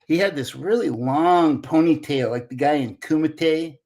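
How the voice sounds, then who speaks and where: Gravelly older man telling a story. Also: a little high, a little slow. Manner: animated anecdote-telling, acting out quoted dialogue. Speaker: interview guest, former Olympic wrestler. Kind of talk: casual storytelling.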